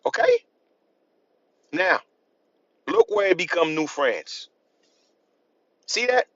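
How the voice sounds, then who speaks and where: His voice is high and fairly bright, with wildly swooping pitch and a slow pace, as this man lectures on history to camera for his channel. Emphatic and repetitive, he keeps throwing rhetorical questions at the listener. It's a dry recording with a dull, lo-fi quality.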